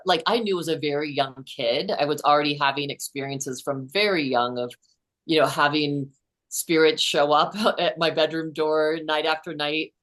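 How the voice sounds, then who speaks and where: A woman's voice: low-pitched, fairly bright tone. A woman in her sixties, a guest on a podcast, telling a personal story in an earnest, chatty way with many "you know"s. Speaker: podcast host and author, guest. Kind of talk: storytelling in a casual interview.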